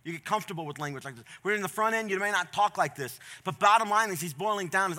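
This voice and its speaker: A man preaching a sermon in a conversational, folksy way, moving between quiet asides and loud, emphatic points. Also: high voice, fast talker. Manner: folksy, plain-spoken. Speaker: pastor.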